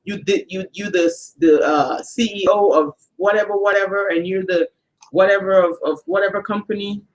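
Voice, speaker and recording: A woman co-hosting a spiritual channel's live stream speaks straight to viewers, explaining emphatically. Her mid-range voice keeps fairly even intonation at a normal speed, with a little hiss or hum in the audio.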